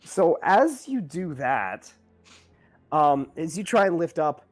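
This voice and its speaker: Game master, male, animated pitch, loose filler-heavy narration. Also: takes it slowly, soft background music.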